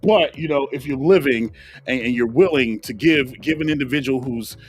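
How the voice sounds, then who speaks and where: A man's voice: medium pitch, normal speed, close to an everyday voice. Man doing a rambling joke dating-ad voiceover. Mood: joking. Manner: live voiceover, rambling and casual. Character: man reading a joking dating ad.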